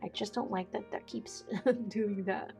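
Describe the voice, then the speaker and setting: A woman, chatting casually as a vlogger, excitable and quick to laugh. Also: mid-range voice, vocal fry, soft background music. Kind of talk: casual chat.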